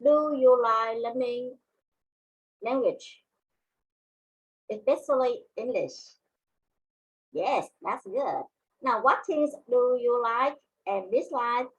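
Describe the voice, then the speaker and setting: A woman with a Vietnamese accent teaching an English vocabulary lesson, speaking deliberately and repeating words for her students. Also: fairly high pitch, animated, husky, poor audio. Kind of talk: classroom lesson.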